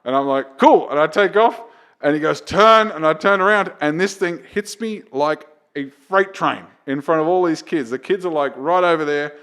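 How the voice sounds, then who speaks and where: A man, a comedian guest on a casual podcast, telling a profane story that climbs to loud, excited retelling. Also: a little high, normal speed, clear, resonant tone.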